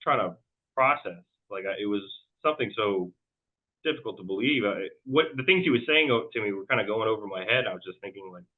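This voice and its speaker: A man's voice: lowish voice, animated, fast. Guy rambling through a story, lots of restarts, sounds like he's on a phone line. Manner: rambling, loose, many fillers and restarts. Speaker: guest. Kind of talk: casual storytelling interview.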